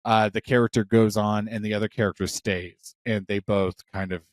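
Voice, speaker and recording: Excitable rambling man on a podcast. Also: on the low side, normal speed, no room sound, studio quality. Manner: rambling, excitable, swears a lot. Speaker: podcast co-host. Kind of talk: casual chat.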